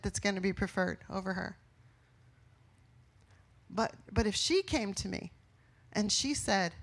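A middle-aged woman preaching a sermon, asking her listeners questions and swinging from soft, slow lines to loud ones. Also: medium pitch, gravelly. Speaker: pastor.

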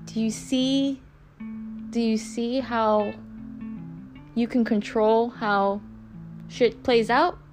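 A young podcaster gives a frank, relaxed motivational talk, swearing freely and repeating phrases to emphasize them, with music underneath. Her voice is a little high with fairly even intonation, drawn-out words, and frequent pauses.

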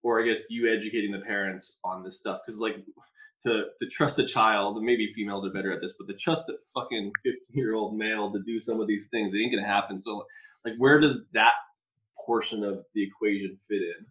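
A man's voice: fairly low pitch, steady tone, brisk, fairly bright tone, poor audio. A man co-hosting a podcast, talking loosely with "like" fillers and swearing. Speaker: podcast co-host. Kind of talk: casual podcast conversation.

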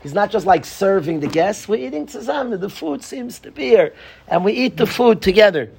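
A man's voice: high voice, big pitch swings, brisk, creaky, a little mellow, husky, faint music behind. A man giving an informal, joking Torah talk to a small group, repeating his key phrases with animation. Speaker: Torah teacher.

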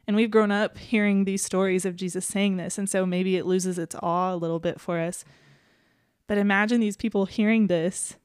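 A woman of middle pitch co-hosts a casual faith podcast. She speaks earnestly, laughs easily and reads scripture aloud. The recording is dry and close. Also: steady tone, normal speed, smooth, dry recording. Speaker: podcast co-host.

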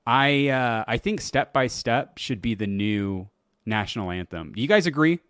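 A man's voice: medium pitch, expressive, normal speed, a bit bright, smooth, no echo, clean studio sound. A man hosting his own podcast, chatting loosely and laughing at his own stories, with lots of swearing. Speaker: podcast host. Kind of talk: casual solo podcast talk.

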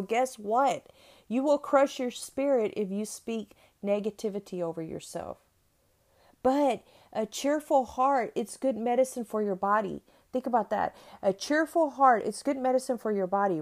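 A woman's voice: on the high side, darkish tone. Emphatic middle-aged woman preaching. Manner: emphatic, encouraging, repeats key phrases. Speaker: Christian devotional speaker. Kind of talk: preaching devotional talk.

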